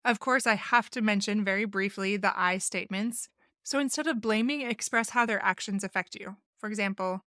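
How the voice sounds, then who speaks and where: A woman's voice: medium pitch, normal speed, bright, forceful tone, no room sound, clean studio sound. A woman therapist hosting a solo podcast, explaining family communication in an earnest, instructive way and acting out sample phrases. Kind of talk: solo podcast advice talk.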